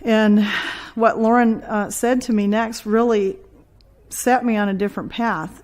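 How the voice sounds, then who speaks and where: A woman's voice: a little high, fairly even intonation, a little slow, darkish tone. Earnest middle-aged woman telling her story. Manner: earnest, reflective, with frequent ums and restarts. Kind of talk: conversational personal testimony.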